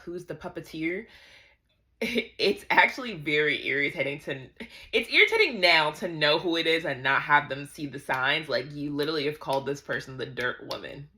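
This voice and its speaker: A woman's voice: low-pitched, bright, forceful tone. A woman in her thirties giving a casual, chatty book recap, ranting in exasperation. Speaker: book vlogger.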